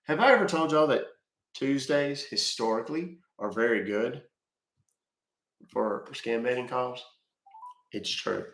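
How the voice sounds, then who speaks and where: A man's voice: medium pitch, a little slow, long pauses, a bit bright, echoey room. A man hosting a livestream who chats loosely and swears freely. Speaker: livestream host. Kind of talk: casual livestream chat.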